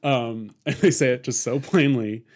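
A man's voice: mid-range voice, normal speed, a little mellow. Laid-back chatty man. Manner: rambling, laughs often, many fillers and restarts. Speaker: podcast host. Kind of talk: casual film discussion.

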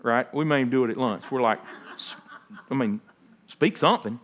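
A man's voice: medium pitch, normal speed, fairly bright tone, slight background noise. A man, a pastor, giving a conversational sermon that moves from storytelling into emphatic preaching.

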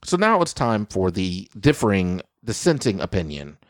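A man hosting a comedic podcast, reading joke op-eds with animated, swooping delivery and frequent "okay?" asides. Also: normal speed, dry recording, studio quality. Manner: animated, swooping pitch, repeats "okay?" for emphasis. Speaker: podcast host.

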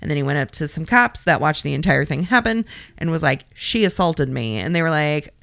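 Podcast co-host, female, casual and brash, swears a lot; smooth tone, slightly low, dry booth sound. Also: lively intonation, a little fast, a bit bright, no room sound. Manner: swears freely, storytelling with sassy asides. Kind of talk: casual chat.

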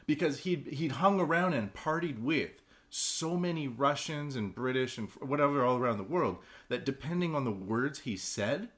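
A man co-hosting a podcast in casual chat, telling travel stories in an animated, excitable way. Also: mid-range voice, normal speed. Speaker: podcast co-host.

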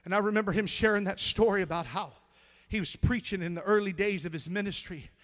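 Bright high-voiced preaching man. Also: fast. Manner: storytelling preacher, swings from hushed to shouting. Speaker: pastor. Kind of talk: sermon. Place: church sanctuary.

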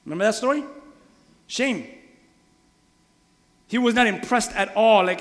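Man preaching in a big echoey church hall, high voice, kinda gravelly, gets loud acting stuff out. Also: normal speed, pauses often. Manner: animated preaching, acts out voices, shouts quoted lines. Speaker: pastor. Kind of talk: sermon. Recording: long reverb of a large hall.

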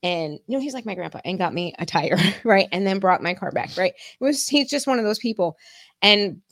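A woman talks as a podcast guest, passionate and quick to get loud, with swearing in nearly every sentence. Her voice sits in a middle range. The recording is dry and close, with little room sound. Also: medium pitch, lively intonation, no echo. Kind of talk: casual podcast chat.

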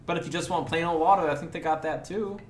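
A man's voice: fairly high pitch, expressive, moderate pace, pushed and bright, roomy sound, a little hiss or hum. A man voicing a chatty woman drink vendor who pushes fizzy spritzers, his put-on accent wandering about. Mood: pushy. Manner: pushy sales patter, wandering accent.

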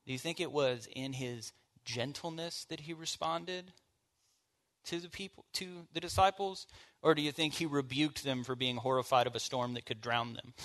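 A man's voice: mid-range voice, fairly even intonation, moderate pace, a bit bright. A man leading a church bible study, teaching in an informal, conversational way and asking the group questions. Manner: informal, asks the group questions, casual fillers.

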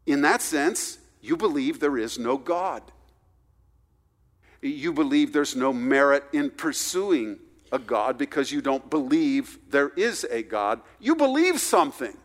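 A man preaching a sermon, swinging between loud, stressed points and hushed, quiet asides. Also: medium pitch, slow. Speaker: pastor. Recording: reverberant hall recording.

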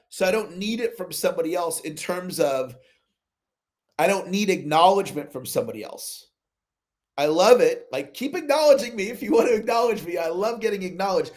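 A man hosting a motivational coaching call over video, telling stories and acting out both sides of his conversations. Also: high voice. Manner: animated storytelling, acts out both sides of dialogues. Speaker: sales coach, call host. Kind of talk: motivational talk on a live call.

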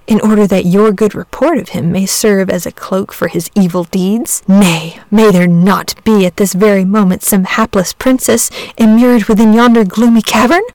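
A woman's voice: mid-range voice, darkish tone, no room sound, lightly acted. A woman voicing a good-natured knight saint who speaks in formal, old-fashioned phrasing in a storybook reading. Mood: sad.

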